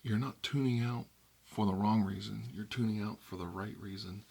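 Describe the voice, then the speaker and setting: Low, husky man ranting softly. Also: steady tone, normal speed. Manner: conversational, wry, drifting between soft whispers and emphatic outbursts. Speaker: ASMR channel host. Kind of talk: soft-spoken ASMR rant about news media.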